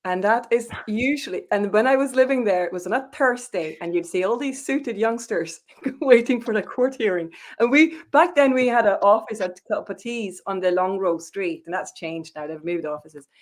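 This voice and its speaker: A woman's voice: medium pitch, moderate pace, few pauses. A Swedish-born woman, a native Swedish speaker, telling chatty stories with frequent laughter on a live video call. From Sweden. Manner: chatty storyteller, laughs often. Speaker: whisky industry guest. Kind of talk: casual chat on a live stream.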